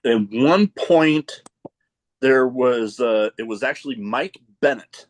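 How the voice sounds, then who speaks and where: A man hosting a podcast, telling stories with excitement and often restarting his phrases. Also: mid-range voice, slow. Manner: excitable storyteller, repeats starts of phrases. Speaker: podcast host. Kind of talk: casual chat.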